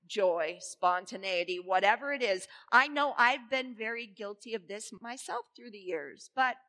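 A woman minister giving a sermon in a church, playful and animated as she leads the congregation. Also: a little high. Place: church sanctuary. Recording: reverberant church hall.

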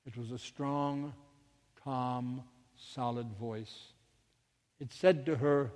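A man's voice: medium pitch, fairly even intonation, slow, pauses often, a little mellow, long reverb tail. A male minister telling a story in a sermon, dramatic, with sudden drops to near-whispers.

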